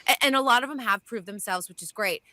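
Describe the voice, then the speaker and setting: A woman co-hosting a radio show, laying out her point in a steady, reasoned way. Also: fairly high pitch, fast talker. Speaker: radio co-host. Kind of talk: casual talk radio banter.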